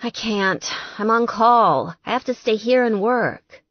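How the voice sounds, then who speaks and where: A woman's voice: fairly high pitch, expressive, measured pace, no echo, lo-fi sound, pitched above the performer's own voice. A woman narrator voicing a busy young woman with a light, cheerful voice, kind but apologetic.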